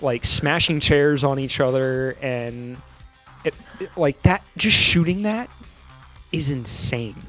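A man's voice: medium pitch, takes it slowly, a bit bright, faint music behind. A man co-hosting a podcast in casual chat, laughing and swearing as he acts out movie quotes. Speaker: podcast co-host.

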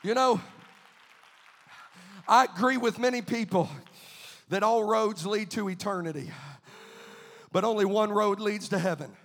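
A man's voice: high-pitched, unhurried, long pauses, a bit bright, big-room sound. A man preaching a sermon as pastor, fervent, repeating his phrases and dropping many filler "uh"s.

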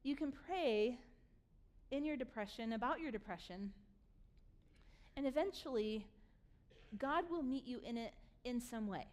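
High-voiced woman pastor preaching. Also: measured pace, pauses often. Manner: animated storyteller, acts out voices in biblical scenes. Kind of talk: sermon.

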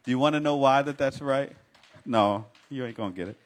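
A man's voice: mid-range voice, fairly quick. A male pastor preaching a sermon with a rhythmic, fervent litany and call-and-response.

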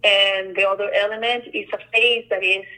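A woman artist who works on murals, talking casually and telling stories in an animated way, often acting out the lines people said to her. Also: medium pitch, moderate pace, poor audio. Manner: animated storyteller, acts out quoted dialogue. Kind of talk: casual conversation.

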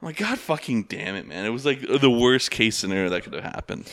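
A man's voice: medium pitch, expressive, brisk, a bit bright. A young man telling a rambling story in casual chat, full of fillers and swearing. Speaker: rideshare driver.

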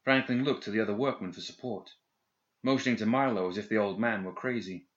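A man narrating an audiobook in a steady, measured reading. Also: lowish voice. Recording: dull lo-fi recording.

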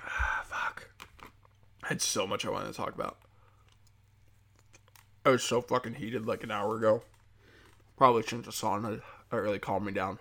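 A man's voice: on the low side, level tone, moderate pace, long pauses, a bit bright. A young man doing a profane, heated ranting monologue as a comedian podcast host, slipping into mocking quoted voices.

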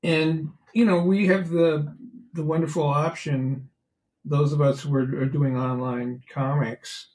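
A man's voice: on the high side, flat delivery, a little slow, darkish tone, rough recording. A man who makes online comics, reflecting casually on comic strips. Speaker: podcast co-host, online comic artist. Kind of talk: casual chat about comics.

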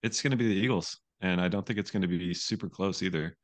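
A man's voice: deep voice, quick pace. A man from the Pacific Northwest of the US co-hosting a casual sports betting podcast, easygoing but ready to argue a point. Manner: easygoing, argumentative, joking. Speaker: podcast co-host.

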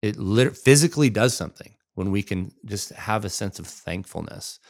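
A man co-hosting a casual chat, enthusiastic and quick to agree. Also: fairly low pitch, expressive, vocal fry, a little mellow. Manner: enthusiastic, quick affirmations like "huge". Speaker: podcast co-host.

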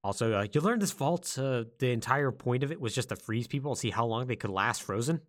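A man on a casual podcast who swoops up and down as he tells a story. His pitch is mid-range and he jumps into the lines of each character as he goes. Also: a little fast. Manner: animated storytelling, acts out quotes. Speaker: podcast co-host.

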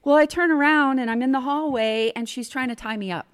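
A middle-aged woman telling a personal story in a casual podcast chat, animated and vivid. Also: high-pitched, brisk, clear, resonant tone. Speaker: podcast guest.

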